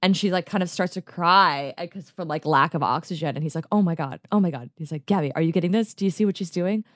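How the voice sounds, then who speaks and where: A woman co-host chatting on a podcast, her voice sitting a little low for a woman. She rambles eagerly through stories, full of filler words, and acts out quotes as she goes. The sound is dry and close to the mic. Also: quick pace, no echo. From United States. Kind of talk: casual podcast chat.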